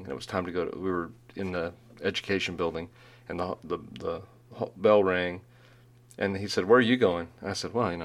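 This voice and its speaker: A middle-aged man telling rambling school stories in casual chat, laughing at his own jokes. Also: low-pitched.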